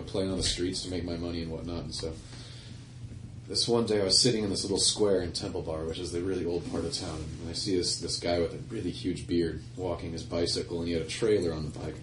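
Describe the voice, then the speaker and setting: Between songs, a deep-voiced male singer-songwriter rambles through an anecdote for a live audience, laughing and correcting himself along the way. It's stage banter and storytelling, picked up from far off in an echoey music venue with slight background noise.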